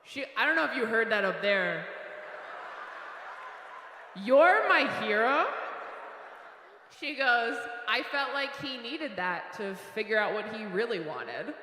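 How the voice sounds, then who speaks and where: A woman performing a stand-up comedy set in a theater, animated, breaking into shouted character bits. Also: a little high, moderate pace, hardly any pauses, a little hiss or hum. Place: theater stage before an audience. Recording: echoey hall with long reverb.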